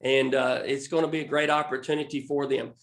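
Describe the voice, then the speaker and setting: A man with a Southern American accent, a fishing recruiting scout, explaining a recruiting program in a halting way full of restarts and fillers. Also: medium pitch, little pitch movement, reverberant.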